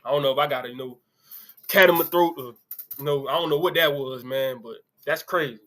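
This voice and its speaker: A man's voice: medium pitch, a little fast, bright, forceful tone. A man hosting a casual sports live stream, talking loosely through college football results and reading viewer comments with offhand asides. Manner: loose, conversational, reads comments aloud with asides. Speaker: sports show host.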